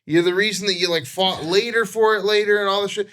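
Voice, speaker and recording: A man's voice: high voice, steady tone, fast, fairly bright tone. A man co-hosting a casual podcast who talks in a crude, joking way and swears freely. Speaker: podcast co-host. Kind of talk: casual chat.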